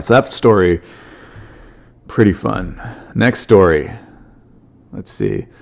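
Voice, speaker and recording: A man hosting his own comedy podcast, reading weird news stories aloud and riffing on them with swearing and quick character voices. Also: fairly low pitch, vocal fry, a little mellow. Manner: swears freely, jumps into goofy character voices.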